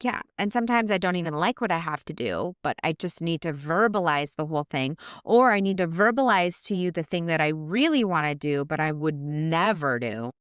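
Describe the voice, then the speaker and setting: A woman's voice: sits low, lively intonation, fairly quick, few pauses, clear, resonant tone, no room sound, clean studio sound. Candid, foul-mouthed woman podcast co-host. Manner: candid, swears freely, retells quarrels in quoted voices. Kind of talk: casual chat.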